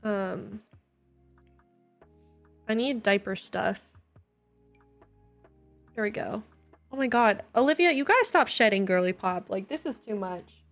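A young woman chats her way through a live game stream from home, unhurried and drawn out. She keeps up a joking, self-deprecating patter and reads viewers' messages aloud. Faint music plays behind her. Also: medium pitch, expressive. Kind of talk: casual live-stream chat while playing.

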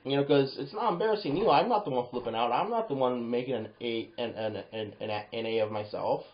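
A man giving advice in a casual monologue, animated and rambling, breaking into quoted voices and swearing now and then. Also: mid-range voice, brisk. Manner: animated, acts out quoted lines in bursts, swears; rambling with restarts and fillers. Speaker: vlogger. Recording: roomy, dull lo-fi home video.

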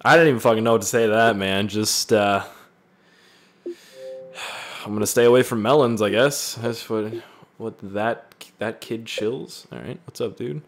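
A man reading fan voice messages aloud and reacting with loud, profane jokes in a casual gaming video. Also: on the low side, fairly even intonation, moderate pace, a little hiss or hum. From Canada. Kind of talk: casual gaming vlog commentary.

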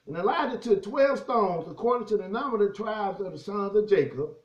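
High-voiced preacher man, swings his pitch all over, keeps saying y'all, echoey room. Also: a little fast, muffled recording. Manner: animated preaching, reads scripture aloud, keeps addressing the crowd as "y'all". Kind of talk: sermon.

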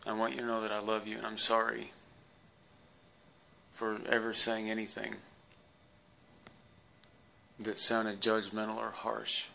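A man's voice: on the low side, monotone, unhurried, creaky, long pauses, pushed and bright. A man earnestly addressing his late mother during an EVP recording, apologizing and pleading for a response. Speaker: paranormal investigator.

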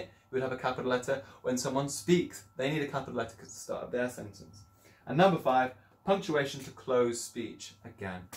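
Man, primary teacher, upbeat and encouraging, mid-pitched voice, roomy echo. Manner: upbeat, encouraging, acts out voices while explaining. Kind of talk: classroom video lesson. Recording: echoey room.

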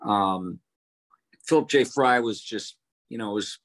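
An older man, a voice actor, answering interview questions over a video call in a relaxed, anecdotal way. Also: fairly low pitch, measured pace. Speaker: voice actor guest.

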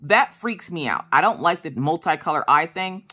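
A middle-aged woman telling a personal story in a casual, animated way, acting out what people said. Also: normal speed, slightly rough. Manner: chatty, animated, acts out quotes in a high voice. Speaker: crafting vlogger.

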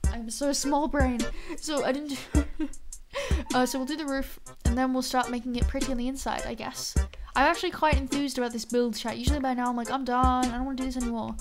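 A young woman streaming a game, chatting casually with her viewers and swearing freely. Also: high voice. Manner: chatty, swears often, talks to chat. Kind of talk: casual live-stream chat while gaming.

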